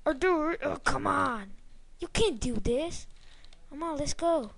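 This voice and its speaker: High-voiced excitable young woman gamer. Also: a little slow, vocal fry, no room sound. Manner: excitable, swears, talks to the game. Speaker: gameplay commentator. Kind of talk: casual let's-play commentary.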